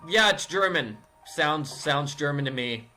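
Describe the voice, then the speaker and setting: A man's voice: fairly high pitch, lively intonation, a little slow, bright, forceful tone, faint music behind. A man chatting playfully and rambling as he plays and comments on a mystery game. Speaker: gaming video host. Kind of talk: casual let's-play commentary.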